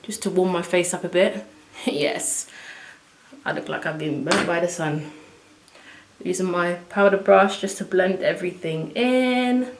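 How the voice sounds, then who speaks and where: A woman chatting to viewers as she works through a casual makeup tutorial at home, excitable and talking as she goes. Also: fairly low pitch, measured pace. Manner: chatty, excitable, talks to viewers while working. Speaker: beauty vlogger. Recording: echoey room.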